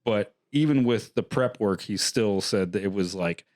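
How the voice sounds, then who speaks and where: A man's voice: lowish voice, moderate pace, darkish tone, dry recording, studio quality. A man hosting a horror film podcast, chatting casually and loosely with lots of fillers and laughs. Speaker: podcast host. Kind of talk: casual chat.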